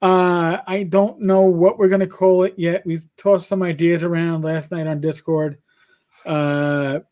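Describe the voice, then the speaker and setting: Unhurried and flat in delivery, this middle-aged man has a fairly high voice with a darkish tone. As a livestream co-host in casual chat, he rambles through stories, swearing and restarting frequently.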